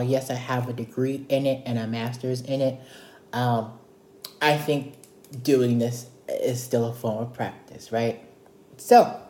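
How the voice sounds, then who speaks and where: A man's voice: medium pitch, a little mellow, reverberant. A man leading a casual Bible study, retelling scripture in a chatty, playful way. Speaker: Bible teacher.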